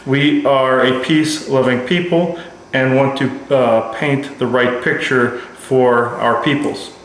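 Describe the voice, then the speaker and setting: A man's voice: mid-range voice, fairly even intonation, takes it slowly, a little hiss or hum, close to an everyday voice. A man voicing a courteous male alien envoy who speaks with formal, old-fashioned politeness and little giggles, in a very echoey room. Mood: courtly.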